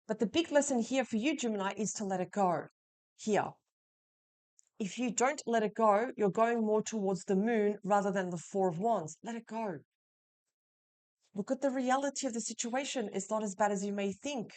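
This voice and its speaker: A woman's voice: medium pitch, moderate pace, a little mellow. A woman giving a weekly tarot reading, talking straight to the listener in a reassuring way. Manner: reassuring, addresses the listener directly. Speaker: tarot reader.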